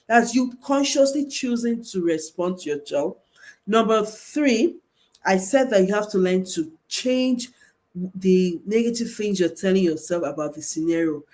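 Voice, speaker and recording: A woman's voice: medium pitch, expressive, unhurried, a little mellow. Earnest woman coaching parents. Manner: emphatic, repeats key points, asks rhetorical questions. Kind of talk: teaching talk on parenting.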